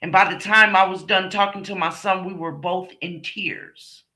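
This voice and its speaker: A woman's voice: medium pitch, steady tone, normal speed, sharp tone. A middle-aged woman hosting a stream, telling a personal story to her viewers in a blunt, profane, emphatic way. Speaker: streamer host. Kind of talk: casual monologue to viewers.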